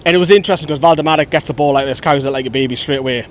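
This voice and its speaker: A man giving a chatty, opinionated post-match reaction as host of a fan channel, filmed outdoors by a road. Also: racing. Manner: chatty, opinionated, lively storytelling. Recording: faint traffic rumble outside.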